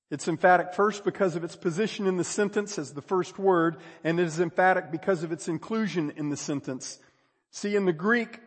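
A pastor preaching a sermon, moving between quiet asides and loud, drawn-out emphasis. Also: male voice, fairly high pitch, big-room sound. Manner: dynamic preaching, swings from hushed to loud emphasis.

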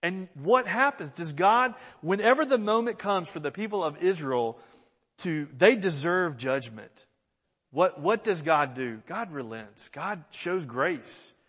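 A man preaching a sermon, earnest and animated, acting out the pleas he quotes. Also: a little high, unhurried, husky. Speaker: pastor. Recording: long church reverb.

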